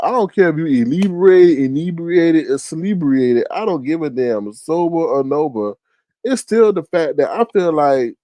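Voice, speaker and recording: A man's voice: on the high side, very animated, normal speed, mellow, no room sound. A man hosting a livestream in a casual chat, sleepy and yawning, rambling and trailing off as he restarts his thoughts. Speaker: livestream host. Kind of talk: casual live-chat commentary.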